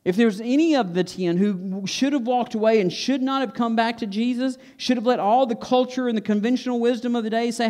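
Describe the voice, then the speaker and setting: A man's voice: extremely high pitch, fairly quick, hardly any pauses, a little mellow. A man preaching a sermon to his church, earnest, repeating phrases for emphasis. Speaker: pastor. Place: church sanctuary.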